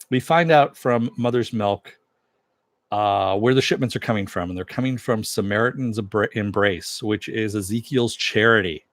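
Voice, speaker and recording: A man's voice: lowish voice, normal speed, no room sound, clean studio sound. A man recapping a TV episode in a casual, rambling monologue, retelling scenes in quoted dialogue with plenty of swearing. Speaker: TV episode reviewer.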